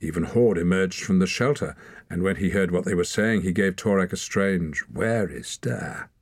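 A man's voice: low-pitched, animated, moderate pace, husky, no echo. A man narrating a story as an audiobook reader, reading expressively. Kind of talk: scripted narration.

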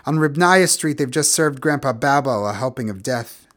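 Measured male audiobook narrator. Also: medium pitch. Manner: measured, expressive, grows quiet and somber. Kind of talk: scripted literary narration.

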